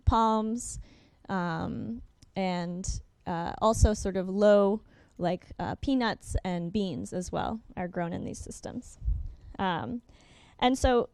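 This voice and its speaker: Quick, smooth-voiced woman presenting. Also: medium pitch, darkish tone, no room sound. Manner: quick, with many ums and uhs, self-correcting. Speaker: workshop presenter. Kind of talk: conference presentation with slides.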